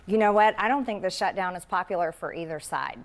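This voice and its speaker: Low-voiced Southern congresswoman, firm. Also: fairly quick. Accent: American Southern. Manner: firm, practiced political talking points. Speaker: congresswoman being interviewed. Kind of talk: news interview answers.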